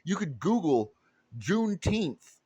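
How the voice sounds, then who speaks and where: A man's voice: sits high, big pitch swings, slow, mellow, husky, no room sound. Blunt, profane man ranting. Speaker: political commentator. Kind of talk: ranting monologue to camera.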